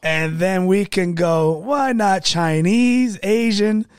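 A man co-hosting a casual podcast chat, loud and teasing, laughing often. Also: high voice, slow pace, clear, resonant tone, dry recording, clean studio sound. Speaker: podcast co-host.

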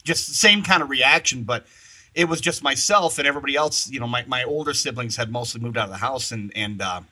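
A man's voice: medium pitch, sharp tone. A man from the Chicago area hosting a casual chat, eager and chatty as he reacts and shares his own stories. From Chicago area, USA. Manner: chatty, eager, quick to laugh along.

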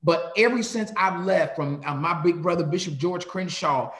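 This pastor from North Carolina talks in a high, ringing voice and tells stories with a preacher's rhythm. He sounds like he's in a roomy space with a lot of echo. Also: moderate pace. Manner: animated storyteller, shifts into sermon cadence. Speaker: pastor, guest. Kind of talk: conversational interview, preacherly.

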